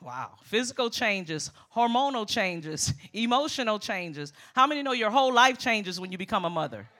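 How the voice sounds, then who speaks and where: Middle-aged woman preacher, bright forceful tone, emphatic sermon delivery with congregation call-outs. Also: medium pitch, animated, moderate pace. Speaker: guest preacher.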